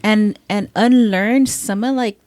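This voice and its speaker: A woman's voice: mid-range voice, takes it slowly, a little mellow, no echo. A woman chatting casually as a podcast co-host, speaking in a reflective, earnest way. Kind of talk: casual chat.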